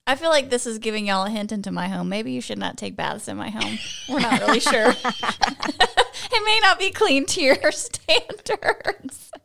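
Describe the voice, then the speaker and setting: A woman's voice: a little high, animated, moderate pace, vocal fry, fairly bright tone, a little hiss or hum. A woman co-hosting a casual podcast, making joking asides. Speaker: podcast co-host.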